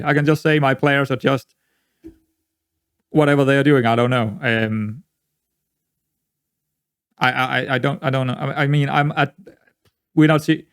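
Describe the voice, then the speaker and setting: A man with a fairly high voice talks through a management game as he plays it. He rambles and repeats himself in exasperation. The sound is close and dry, with no room around it. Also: no echo. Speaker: gaming YouTuber. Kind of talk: let's-play commentary.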